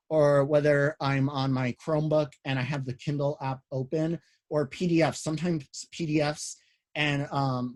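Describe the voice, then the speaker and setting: A man teaching a college writing class online, explaining citation rules in a casual, halting way with many fillers and restarts. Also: on the high side, darkish tone.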